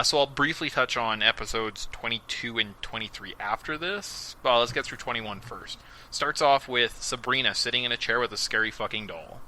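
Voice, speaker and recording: Bright, sarcastic male podcast host. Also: mid-range voice, slight background noise, poor audio. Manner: sarcastic, animated storytelling with mocking quoted voices. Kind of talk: casual podcast recap.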